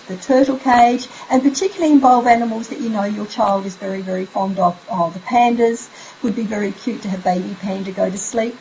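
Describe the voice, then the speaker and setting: Gentle higher-voiced woman. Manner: drops to a soft, slow, sleepy voice when modeling bedtime phrases. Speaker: parenting coach. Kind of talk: instructional parenting tips. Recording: slightly dull recording with faint hiss.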